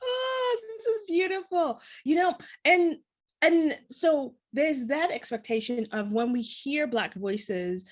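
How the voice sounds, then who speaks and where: A woman's voice: high-pitched, slow pace. A woman hosting an interview show, asking long, reflective, open questions. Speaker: podcast host.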